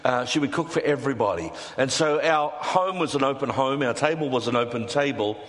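A man preaching to his congregation in an easy, chatty way, breaking off for light jokes and questions to the room. His voice sits at an ordinary middle pitch and carries a long reverb tail from a large hall. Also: a little fast, a bit bright. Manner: conversational, playful asides to the congregation. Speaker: pastor. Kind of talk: sermon.

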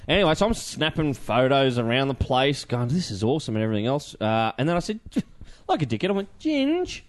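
An Australian man co-hosting a casual show, telling a story with lively, swearing banter. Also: mid-range voice, fast. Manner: animated, swearing, laughing storyteller. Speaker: radio co-host.

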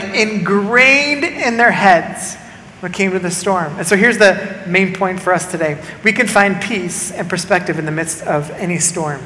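A young man preaches in a loose, conversational way, full of fillers and asides. His voice sits high and sounds sharp and bright. It rings out with a long hall echo and faint ambience behind it. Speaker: pastor. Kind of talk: sermon. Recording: echoey hall reverb.

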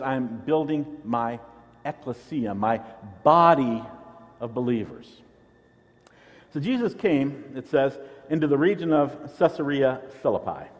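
A man's voice: a little high, in a large hall. A man pastor preaching a sermon, teaching in an earnest way and often repeating a word as he restarts.

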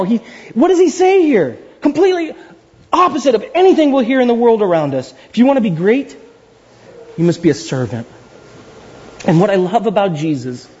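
Man, pastor, sermon, husky voice, playful asides, repeats words for emphasis, dull lo-fi recording. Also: high voice, darkish tone.

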